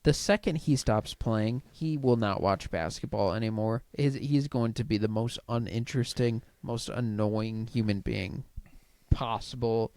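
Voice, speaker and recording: A man's voice: fairly low pitch, unhurried, darkish tone, dry recording. Dry-sounding sarcastic podcast co-host man. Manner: sarcastic, exasperated riffing. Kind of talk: casual sports chat.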